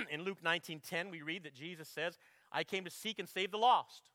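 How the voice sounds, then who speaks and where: A man preaching a sermon, with emphatic bursts on quoted verses, quieter reflective asides and frequent throat clearing. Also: normal speed, no echo, studio quality. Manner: emphatic preaching, swelling loud on quotes, dropping low to reflect. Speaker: pastor.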